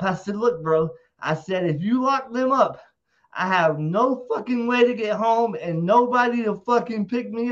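A man telling a rowdy story in casual talk, animated and profane, acting out quotes loudly. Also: high voice, dull audio. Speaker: interview guest.

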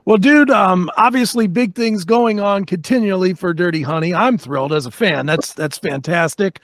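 A man's voice: sits high, moderate pace, no echo. A man hosting an interview show, chatting in a friendly way and calling his guest "dude" and "man". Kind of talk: casual interview chat.

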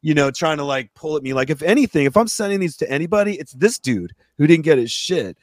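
A man's voice: fairly high pitch, quick pace, no room sound. A man hosting a radio talk show, telling a long story in a casual, swearing rant and acting out what other people said. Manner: animated, swears, acts out quoted people.

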